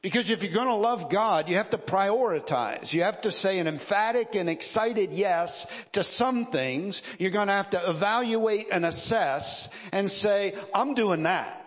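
A man's voice: high-pitched, measured pace, few pauses. A man preaching a sermon from the pulpit, emphatic and repetitive, driving his points home with rising stresses. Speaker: pastor. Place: church sanctuary. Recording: long reverb of a large hall.

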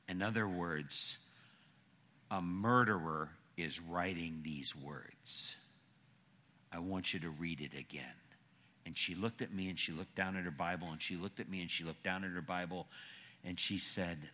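A man's voice: sits low, fairly even intonation, a little slow, sharp tone. A man preaching a sermon and telling a story with emphatic, dramatic pacing.

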